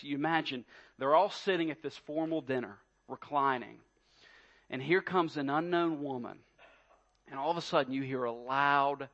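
A man's voice: a little high, fairly bright tone, muffled recording. A man preaching a sermon, emphatic and full of rhetorical questions, often repeating his words. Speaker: pastor.

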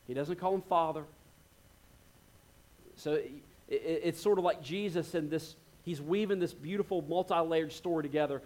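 Expressive male preacher, slightly high voice. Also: moderate pace. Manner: expressive, acts out quoted lines with shifting tone. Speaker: pastor. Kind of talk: sermon.

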